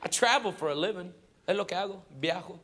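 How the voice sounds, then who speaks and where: A middle-aged man doing stand-up comedy, animated and dropping Spanish phrases into English, swinging from shouts to a hush. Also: high-pitched, quick pace. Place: comedy stage before live audience. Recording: live club, crowd laughter and noise.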